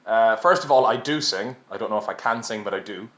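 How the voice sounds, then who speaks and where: Laughing Irish man, low voice. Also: fast, fairly bright tone. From Ireland. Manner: chatty and self-deprecating, laughs often. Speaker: podcast guest. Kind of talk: casual storytelling. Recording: roomy, slightly dull recording.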